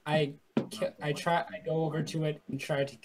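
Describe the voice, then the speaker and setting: A player in a casual tabletop game, eager and quick to get excited. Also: medium pitch.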